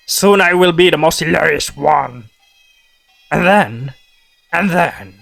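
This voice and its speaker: A man's voice: a little high, slow pace, vocal fry, fairly bright tone, heavily acted. A man voicing a deranged man obsessed with being funny, who mutters scornfully to himself. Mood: obsessive.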